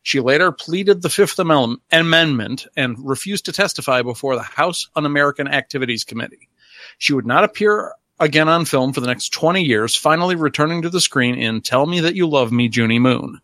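A man co-hosting a podcast, reading out trivia notes and slipping in deadpan gags. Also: a little high, brisk, no room sound. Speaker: podcast co-host. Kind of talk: reading notes in casual chat.

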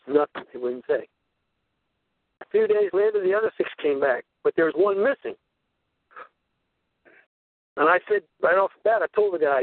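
Man, older, radio host, rambling storyteller, high voice, dry tinny phone-line sound. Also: animated, moderate pace, pauses often, no echo. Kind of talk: conspiracy talk radio monologue.

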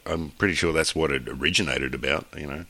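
A man's voice: extremely low pitch, fast talker, bright, forceful tone. A man with an Australian accent co-hosting a podcast, with short, dry remarks. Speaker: podcast co-host. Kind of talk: casual chat.

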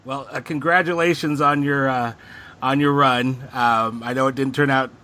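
A man's voice: medium pitch, fairly even intonation, moderate pace, bright, forceful tone, slight background noise. A man hosting a casual podcast, talking hesitantly with many filler sounds. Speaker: podcast host.

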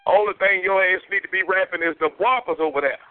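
Man doing an old Southern country elder, preachy, nagging, drawling, high-ish voice, phone-line sound. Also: fast talker, dry recording, natural voice. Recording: tinny phone line with faint music.

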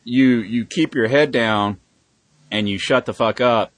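A man's voice: mid-range voice, a little slow, dry recording. A man hosting a podcast in casual chat, rambling and swearing with emphatic bursts. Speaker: podcast host.

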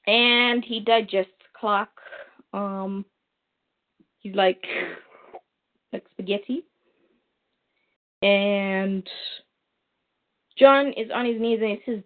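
A woman's voice: fairly high pitch, slow pace, pauses often. A woman reviewing comics in a casual recap, retelling the plot with fillers and asides. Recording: tinny phone-like line.

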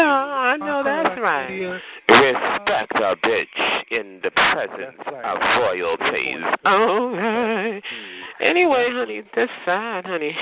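A man's voice: on the high side, phone-quality sound. A man hosting a phone chat line, roasting a caller in a sassy, theatrical way and calling everyone honey.

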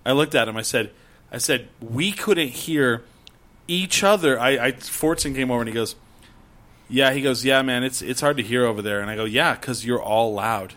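Male podcast co-host, mid-pitched, profane, animated anecdotes. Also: fairly quick. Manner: swearing, animated storytelling with acted-out quotes. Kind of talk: casual chat.

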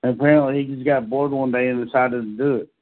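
A man co-hosting a horror podcast, talking casually with halting enthusiasm. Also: medium pitch, steady tone, narrow, tinny audio. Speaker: podcast co-host. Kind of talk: casual horror movie chat.

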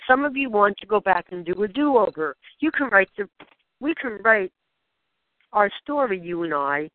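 A woman leading a channeled spiritual guidance session, speaking in gentle, questioning prompts to the listener. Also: mid-range voice, expressive, moderate pace, dry recording. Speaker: spiritual guide. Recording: dry, tinny phone-like sound.

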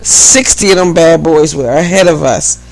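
A man from the Philadelphia–New Jersey area co-hosting a podcast, telling animated stories in casual chat and laughing often. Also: a little high, normal speed, gravelly, poor audio. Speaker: podcast co-host.

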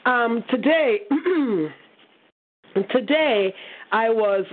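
A woman calling in to share a story, chatty, with many pauses and restarts. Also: on the high side, expressive. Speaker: caller. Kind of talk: casual phone testimony. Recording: tinny phone line.

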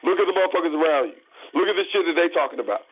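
A man's voice: fairly high pitch, lively intonation, racing, husky, no room sound. A man hosting a call-in show, lecturing a caller in a blunt, profane, preachy way. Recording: phone-line audio.

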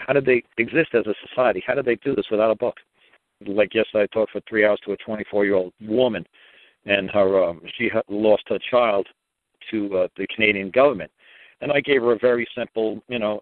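A man's voice: lowish voice, no room sound. An emphatic man tells a long, rambling story on a call-in line. His voice comes through tinny and phone-like. It sounds dry and close. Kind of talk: casual phone-in talk.

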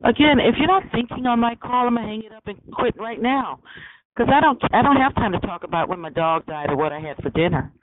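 A man's voice: high-pitched, expressive, fast talker, no echo. A man hosting a call-in podcast, talking in an emphatic, preachy way and often asking "okay?". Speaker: podcast host. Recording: tinny phone line with faint hiss.

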